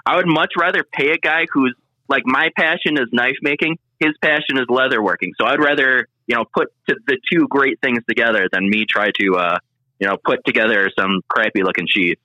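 A man's voice: medium pitch, fairly quick, pushed and bright, dry recording, highs cut off. A man with a Michigan accent, a podcast guest chatting easily and laughing often. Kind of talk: casual interview chat.

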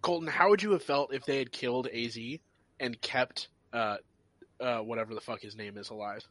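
A man with a mid-pitched, bright, forceful voice throws teasing what-if questions at the group. The sound is dry and close. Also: moderate pace, no room sound. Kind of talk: casual chat.

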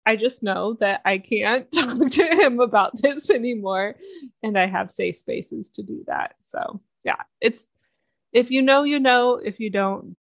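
A woman's voice: mid-range voice, lively intonation, a little slow, gravelly, dry recording. A woman in casual fan chat, enthusiastic and laughing through her stories. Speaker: podcast co-host. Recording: dull dry lo-fi sound.

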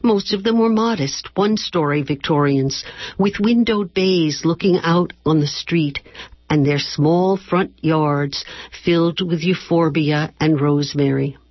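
A low, husky woman reading her own novel at a slow, measured pace. The sound is dry and close, and the dull radio audio cuts the highs. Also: no room sound. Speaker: author and guest. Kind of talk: reading her novel aloud, then chat. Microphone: radio studio microphone.

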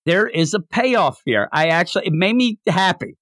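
A man co-hosting a casual podcast chat, animated, often slipping into high put-on voices to act out character lines. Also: normal speed, dry recording, studio quality. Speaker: podcast co-host reviewing an anime.

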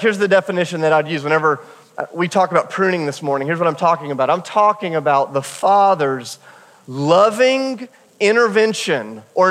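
A man's voice: high voice, a bit bright, big-room sound. A man preaching a sermon as a pastor, telling a personal story in a candid, humorous way. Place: church sanctuary.

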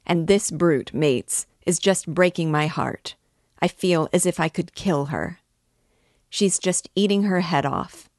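A woman voicing a drunken, cruel peasant man who shouts loudly in an audiobook reading. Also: slow pace, no echo, studio quality. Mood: shouting drunkenly. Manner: shouting, louder and a bit higher than her narration. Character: drunken brutal male peasant, bellowing and cruel.

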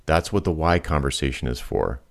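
A man with an extremely low voice hosts a podcast and gives business advice. He explains with confidence and brings in lively acted-out examples. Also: fairly quick, creaky. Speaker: podcast host, pricing consultant. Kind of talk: casual advice talk.

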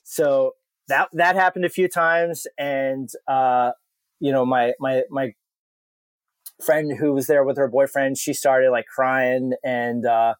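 A man's voice: medium pitch, steady tone, slow, no echo. Podcast guest, a man with a mid-range voice, loose and profane storytelling, dry booth sound. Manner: rambling and profane, with many fillers and laughs. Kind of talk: casual storytelling.

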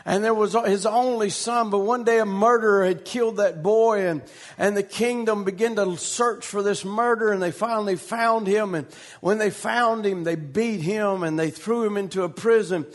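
A man's voice: high-pitched, normal speed. A man preaching a sermon, telling a story with a rhythmic cadence and repeated, restarted phrases.

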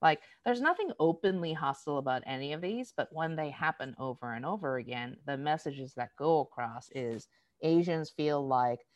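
A conversational speaker explains everyday slights, leaning on filler words and slipping into the voices of people being quoted. The pitch is middling and the sound is dry and close, with no room echo. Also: normal speed. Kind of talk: casual explanatory talk.

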